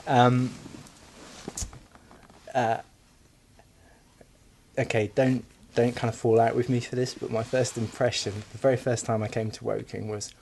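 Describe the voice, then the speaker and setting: A man's voice: mid-range voice, little pitch movement, unhurried, vocal fry, long pauses, darkish tone, slight background noise. A man answering interview questions in a casual, candid way, playing along with a comedy sketch. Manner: casual, candid, laughing easily.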